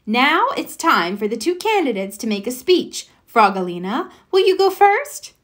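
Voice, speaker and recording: A woman voicing a patient, gentle schoolteacher in a storybook reading. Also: high-pitched, very animated, moderate pace.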